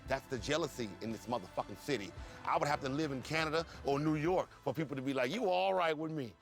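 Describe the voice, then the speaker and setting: A man's voice: medium pitch, fast talker, soft background music. A man from Cleveland telling his story in an interview, profane and acting out the dialogue, repeating words in bursts. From Cleveland, USA.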